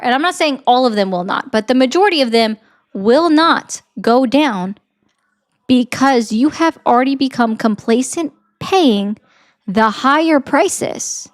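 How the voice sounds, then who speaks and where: A woman political commentator arguing and lecturing, talking fast in bursts. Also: on the high side. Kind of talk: argumentative commentary.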